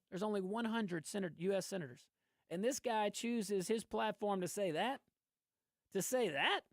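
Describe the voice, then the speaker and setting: A man hosts political commentary, ranting animatedly and laughing often. His voice sits high. The sound is clean studio audio with no echo.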